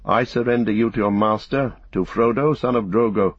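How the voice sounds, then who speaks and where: A man voicing a grave male captain in an audiobook, speaking in a formal, measured way. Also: fairly low pitch, slightly rough, dry recording. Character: stern, grave young male captain judging a prisoner. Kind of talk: audiobook character voice. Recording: dull, dry studio recording.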